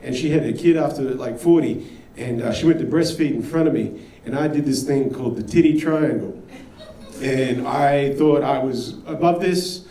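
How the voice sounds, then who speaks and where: A man's voice: medium pitch, normal speed, warm tone. A man from Australia doing a blunt, self-mocking stand-up routine, acting out his own inner monologue. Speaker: stand-up comedian. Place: comedy club stage. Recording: echoey distant stage sound.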